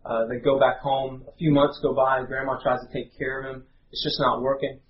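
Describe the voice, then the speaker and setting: A man, preaching a sermon in an earnest, halting way with many fillers. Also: medium pitch, flat delivery. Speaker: pastor. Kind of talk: sermon with prayer and storytelling. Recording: roomy, slightly dull live recording.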